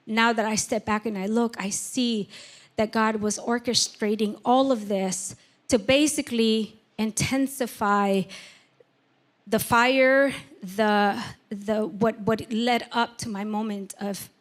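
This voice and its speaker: Woman, personal testimony, candid and halting, slightly high-pitched. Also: steady tone. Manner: candid, emotional, halting with many fillers. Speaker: church member giving testimony.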